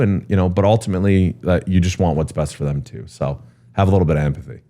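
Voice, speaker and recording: A man with a deep, low voice talks through a story in an interview. He is candid and animated, and he leans on "um" and "you know" as he goes. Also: fast talker. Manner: animated storyteller who jumps high when quoting people; frequent fillers like um and you know. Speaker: guest, real estate executive.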